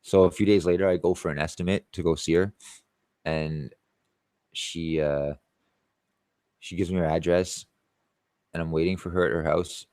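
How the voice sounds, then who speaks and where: A man with a deep, low-set voice talks straight to camera in a casual vlog. He rambles and brags, dropping curses into nearly every line. The sound is dry and close, with no room around it. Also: fairly even intonation, normal speed, long pauses, a little mellow, no room sound. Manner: profane, boastful, rambling. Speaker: tree-cutting contractor.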